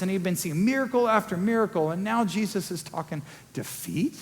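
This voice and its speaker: A male pastor preaching a sermon in a conversational way, acting out quick quoted asides. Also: sits high, lively intonation. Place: church sanctuary. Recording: long church hall reverb.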